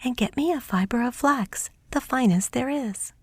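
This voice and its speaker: A woman's voice: a little high, normal speed, husky, no echo, clean studio sound, pitched above the performer's own voice. A woman reading aloud and voicing a sweet little female mouse princess who talks in an eager, coaxing way.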